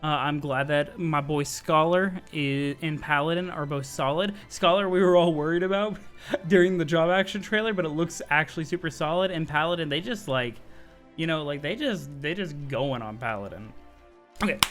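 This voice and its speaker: A man giving casual, excitable commentary on game news, chatty and full of slang and quick restarts. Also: on the high side, faint music behind. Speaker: gaming video creator.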